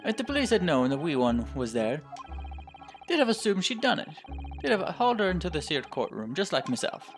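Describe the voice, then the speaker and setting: A man voicing a nervous male witness with a put-on Scottish accent, halting and repeating his words, with rustic old-fashioned phrasing. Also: a little high, big pitch swings, soft background music, pitched above the performer's own voice. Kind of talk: game voice-acting playthrough.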